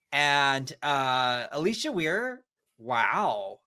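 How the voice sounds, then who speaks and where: A man's voice: a little high, lively intonation, moderate pace, sharp tone. A man co-hosting a horror podcast, chatting casually and gushing with slangy asides. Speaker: podcast co-host. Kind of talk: casual chat.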